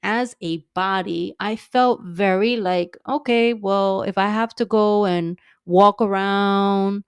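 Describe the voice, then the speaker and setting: A woman in her thirties tells her story in a loose, casual way. She is sarcastic, laughs often and swears freely. Her voice is smooth and clear, recorded close and dry, with a mid-range pitch. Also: steady tone, takes it slowly, dry recording. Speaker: podcast guest.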